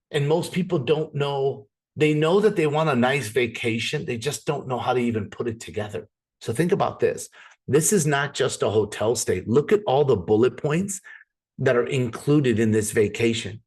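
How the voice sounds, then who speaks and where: A man's voice: medium pitch, darkish tone, husky. A man giving an upbeat, persuasive sales presentation to a live group.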